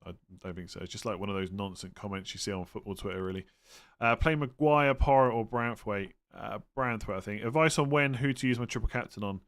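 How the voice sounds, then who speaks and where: Guy on a live stream, chatty, lots of ums, quick calls on each question. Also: on the low side. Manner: relaxed, thinks aloud with fillers and quick verdicts. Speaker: livestream host answering fantasy football questions. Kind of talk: casual live-stream chat.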